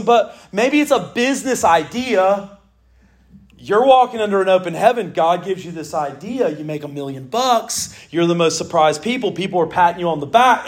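A middle-aged man gives a casual sermon with a notably high, light voice. His delivery is animated and conversational, full of jokes and asides to his listeners. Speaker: preacher.

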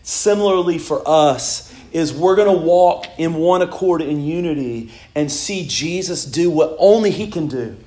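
A man delivers a sermon as if chatting with friends, telling personal stories and breaking into laughter now and then. His voice sits a little high for a man. The sound carries a noticeable room echo. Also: expressive, a little slow, hardly any pauses, dark tone. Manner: conversational, laughs often, personal storytelling. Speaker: pastor. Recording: echoey room.

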